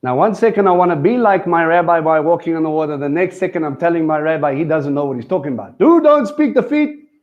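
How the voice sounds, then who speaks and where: A man's voice: a little high, fast talker, hardly any pauses, lo-fi sound. A man teaching a live sermon in a conversational way, often asking his listeners questions. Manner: conversational preaching with questions to the crowd. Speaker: teacher at a Messianic congregation.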